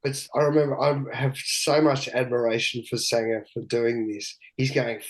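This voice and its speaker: A man's voice: mid-range voice, normal speed, hardly any pauses, poor audio. A middle-aged man, a podcast guest telling candid stories loosely, swearing freely and often laughing as he talks. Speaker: podcast guest, big wave surfer. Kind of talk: candid storytelling in casual conversation.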